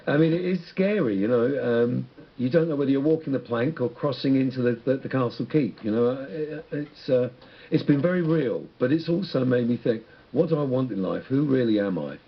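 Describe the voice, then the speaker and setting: A man's voice: mid-range voice, animated, fairly quick, breathy edge, muffled recording. A man guest on a radio interview, speaking in a rambling, reflective way with many restarts. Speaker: musician guest.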